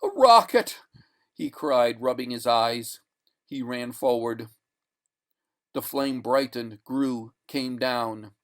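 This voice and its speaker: A man reading a short story aloud in a deliberate, expressive narration. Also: medium pitch. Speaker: reader. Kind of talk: audiobook narration.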